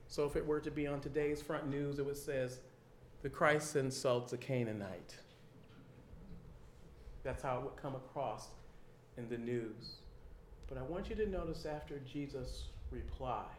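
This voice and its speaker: A man preaching a sermon in an animated way, acting out people's reactions and repeating his key lines. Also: medium pitch, unhurried, pauses often, slight background noise. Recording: echoey room.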